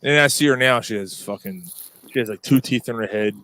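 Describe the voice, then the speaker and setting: A man's voice: mid-range voice, fairly quick, pushed and bright. A man hosting a podcast, telling a rowdy story in casual chat, swearing constantly and laughing as he goes. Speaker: podcast host.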